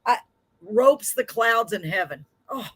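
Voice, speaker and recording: A woman's voice: on the high side, expressive, measured pace, slightly rough. A woman from Texas, hosting a live online show and talking with her guest in an effusive, emotional way. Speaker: host.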